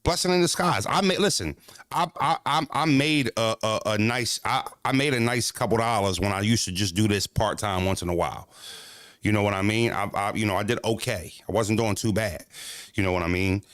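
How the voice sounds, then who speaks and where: Animated streamer man, dry close mic. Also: on the low side, brisk, no room sound. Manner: animated, profane street slang, talks back to chat. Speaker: streamer reacting to chat. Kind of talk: casual livestream talk.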